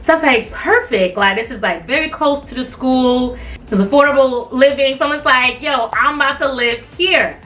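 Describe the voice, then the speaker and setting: Bright, animated young woman telling a story. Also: high voice, normal speed. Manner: animated, acts out quoted voices, many filler likes. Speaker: vlogger. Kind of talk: casual storytelling. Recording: voice a bit far from the mic, faint music behind.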